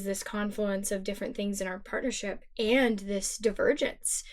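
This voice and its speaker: A woman's voice: mid-range voice, darkish tone. A woman in her thirties co-hosting a spiritual podcast, speaking in an earnest, emotional and reflective way. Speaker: podcast co-host. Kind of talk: heartfelt spiritual podcast talk.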